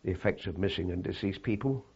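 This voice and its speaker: Old guy remembering the war, kinda husky, stops and restarts a lot, muffled old tape sound. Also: sits low, darkish tone. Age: older. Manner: halting, reflective, with many fillers and restarts. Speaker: interviewee. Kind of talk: oral history recollection.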